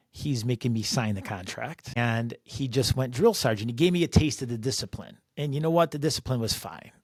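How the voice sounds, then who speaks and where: Male author-host from Chicago, mid-range voice, casual animated storyteller. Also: mid-range voice, dry recording, clean studio sound. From Chicago, USA. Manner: animated, acts out dialogue, frequent fillers. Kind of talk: storytelling monologue. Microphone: close podcast mic.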